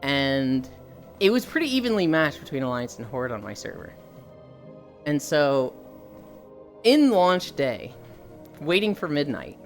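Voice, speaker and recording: A man streaming while walking on a treadmill, chatting and telling a long, rambling story with casual swearing. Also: fairly high pitch.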